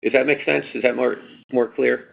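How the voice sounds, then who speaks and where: A man with a deep, gravelly rasp fields analysts' questions on an earnings call. He drives his points home by repeating them and tossing in "right?" as he goes. The audio comes through a thin, tinny phone line. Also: steady tone, normal speed. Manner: repetitive, emphatic, tag questions. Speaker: company executive answering analysts.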